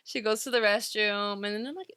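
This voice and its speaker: A young woman co-hosting a casual podcast, telling an animated story and acting out what was said. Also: medium pitch, brisk, clean tone, dry recording. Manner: animated storyteller, soft quoted asides. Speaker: podcast co-host.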